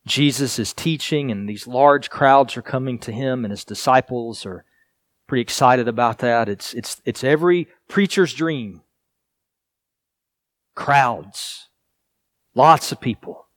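A male pastor delivering a sermon in an earnest, deliberate way, leaning on repetition and pauses for emphasis. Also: medium pitch, dry recording.

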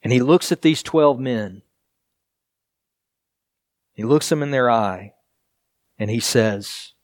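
A male pastor delivering a sermon in an earnest, deliberate way, leaning on repetition and pauses for emphasis. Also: mid-range voice, dry recording.

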